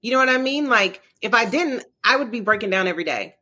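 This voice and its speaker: A bright, forceful woman talking bluntly on a casual podcast. She swears freely and acts out quotes with a tough edge. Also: on the high side, lively intonation, fast. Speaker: podcast co-host. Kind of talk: casual chat.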